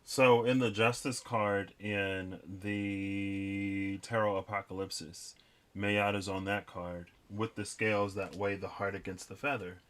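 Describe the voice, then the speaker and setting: Low-voiced man musing over tarot cards. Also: flat delivery, unhurried, fairly bright tone. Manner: rambling, reflective, lots of fillers. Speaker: tarot reader. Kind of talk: casual tarot reading vlog.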